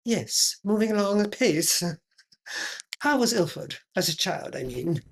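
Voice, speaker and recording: A woman's voice: mid-range voice, lively intonation, a little slow, gravelly, slight background noise. A woman playing a pompous aristocratic lady who hosts a chat show, affected and drawling, dropping French phrases. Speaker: host.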